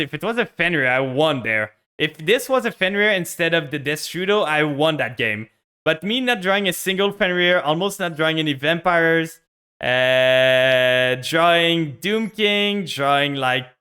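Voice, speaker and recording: A man's voice: on the high side, sharp tone, clean tone. A young man streaming a card game, commenting live on his plays and ranting with frustration at his opponent.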